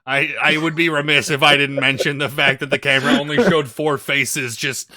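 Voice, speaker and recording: A man's voice: fairly high pitch, fairly even intonation, moderate pace, sharp tone. A man co-hosting a podcast, ranting in exasperation, sighing and stammering. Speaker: podcast co-host. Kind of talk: casual podcast review chat.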